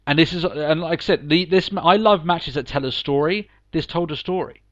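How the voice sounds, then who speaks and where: A man's voice: a little high, moderate pace, dry recording, dull audio. A man co-hosting a podcast, chatting casually and emphatically, laughing often. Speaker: podcast co-host. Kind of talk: casual wrestling review chat.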